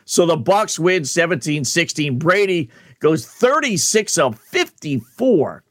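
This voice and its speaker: A man's voice: fairly high pitch, sing-song, unhurried, fairly bright tone, no room sound. A man hosting a sports betting radio show, talking in a wry, conversational monologue full of rhetorical questions.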